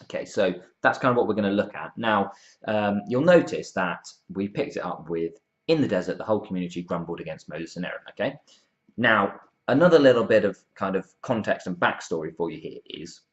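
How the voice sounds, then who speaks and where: Casting: deep-voiced man, relaxed Bible talk, hesitant and chatty, dull lo-fi sound. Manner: informal, many ums and restarts, acts out quotes. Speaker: youth Bible talk presenter.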